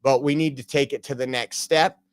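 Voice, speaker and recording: A man's voice: medium pitch, fairly even intonation, fairly quick, smooth. A man hosting a casual live stream from home, talking loosely with many fillers. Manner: rambling, many fillers, reads out jokes. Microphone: home streaming computer.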